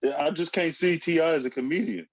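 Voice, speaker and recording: A man's voice: fairly high pitch, quick pace. A man co-hosting a casual podcast, joking and laughing with his co-host.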